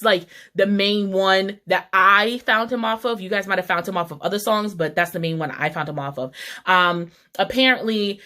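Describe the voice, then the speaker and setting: A woman's voice: medium pitch, a bit bright. A woman giving a casual, opinionated TV episode recap in heated, slangy talk. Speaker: TV recap vlogger.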